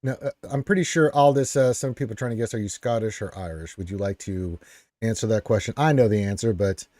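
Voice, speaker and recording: A man's voice: lowish voice, a little fast, mellow, no echo, studio quality. A man hosting a live stream Q&A. He talks in a boisterous, teasing way and keeps tagging his points with "right?". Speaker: show host.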